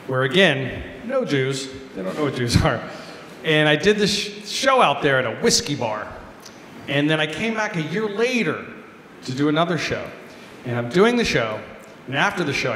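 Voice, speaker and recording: A man, a comedian, telling a lively story at a gala, talking animatedly. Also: medium pitch. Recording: echoey hall, faint noise.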